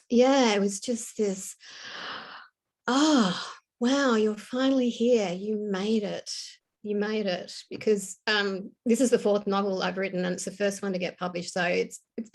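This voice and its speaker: A woman, an author, chatting as a guest in an animated, emotional way and often laughing. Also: medium pitch. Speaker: novelist guest. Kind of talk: casual interview chat.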